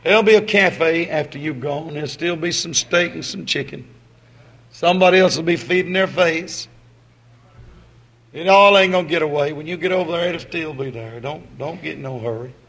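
A man preaching a sermon, folksy and swinging between loud exhortation and quiet asides. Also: a little high, moderate pace.

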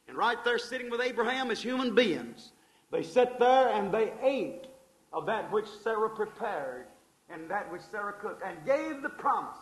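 A man preaching a sermon in a fervent, folksy way, swinging between loud passages and hushed ones and calling his listeners folks. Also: very high voice, rough recording. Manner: folksy, addresses the audience as folks.

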